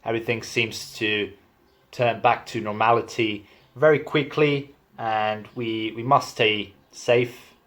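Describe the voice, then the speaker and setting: A man's voice: medium pitch, fairly even intonation, slow pace, fairly bright tone. Chatty young man explaining accents. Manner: chatty, self-deprecating. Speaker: language assistant. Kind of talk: casual accent demo video.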